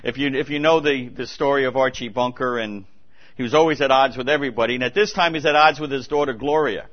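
A man's voice: mid-range voice, fast. A man preaching a sermon in a church, earnest and emphatic, repeating his key points and restarting phrases as he goes. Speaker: pastor. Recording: dull lo-fi recording.

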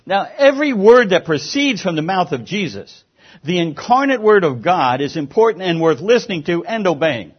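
A man's voice: high-pitched, sing-song, normal speed, breathy edge, highs cut off. A man preaching a sermon as pastor, earnest and emphatic, sometimes stumbling over repeated words.

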